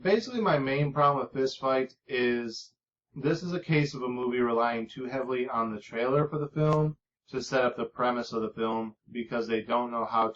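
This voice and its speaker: A man's voice: mid-range voice, muffled recording, a little hiss or hum. Rambling man reviewing a movie. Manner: rambling, filler-heavy, swears casually. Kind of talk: casual spoken movie review.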